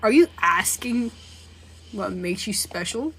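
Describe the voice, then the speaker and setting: A young woman reading a sarcastic young male killer's lines in a low, quiet, flat voice. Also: slow, husky, heavily acted, low-quality recording. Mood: low taunting. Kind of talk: reading a character's lines from an interactive story.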